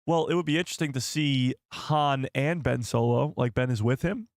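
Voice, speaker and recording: Hoarse gravelly man hosting a live stream. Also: mid-range voice, moderate pace, dry recording, studio quality. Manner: laughing fits, excitable, chatty with viewers. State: losing his voice. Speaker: YouTube livestream host. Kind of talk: casual livestream chat.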